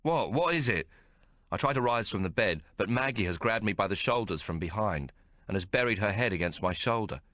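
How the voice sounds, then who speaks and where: Deep, bright-toned male audiobook narrator. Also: fairly quick, no echo, studio quality. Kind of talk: scripted first-person audiobook narration.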